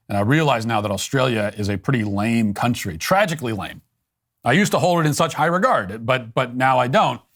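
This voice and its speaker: A man's voice: on the low side, fairly bright tone. An American man hosting a commentary show, talking in a sardonic, mocking way with frequent stammers and restarts. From United States. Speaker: political commentator and show host. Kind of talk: scripted commentary monologue.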